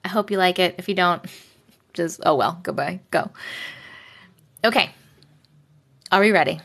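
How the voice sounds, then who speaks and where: Speaking low-ish and unhurried, with vocal fry and a slightly bright tone, this Long Island woman runs a live stream. She reads out viewer stories and chats casually into a phone mic kept close or clipped to her shirt. She's from Long Island, New York, and is blunt, chatty, and quick to swear.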